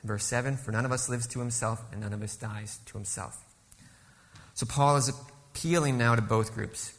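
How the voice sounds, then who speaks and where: A man's voice: medium pitch, normal speed, big-room sound. A man preaching a sermon as guest speaker, asking the congregation rhetorical questions and then answering them. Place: church sanctuary.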